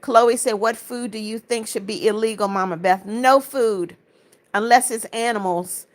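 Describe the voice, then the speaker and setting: A woman's voice: on the high side, measured pace. A woman from Florida hosting a casual livestream, reading viewers' comments aloud and answering each with friendly greetings and blessings. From Florida, United States. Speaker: livestream host.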